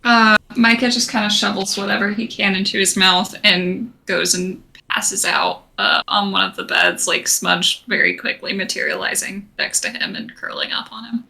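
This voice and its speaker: A woman's voice: medium pitch, steady tone, moderate pace, creaky, hardly any pauses, sharp tone. A woman player in a tabletop game, describing her character's actions in a casual way with brief in-character remarks. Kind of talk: casual play narration.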